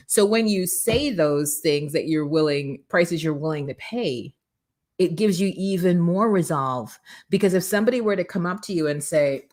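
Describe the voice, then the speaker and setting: Energetic woman hosting a motivational show. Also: deep voice. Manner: energetic, preachy, talks straight to viewers. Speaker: host. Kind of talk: motivational live show chat.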